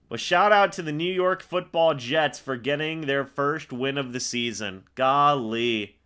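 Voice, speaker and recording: A young man hosting a live fan reaction stream, calling the plays as he watches and getting excitable on big moments. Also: medium pitch, takes it slowly, clear, resonant tone. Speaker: fan livestream host.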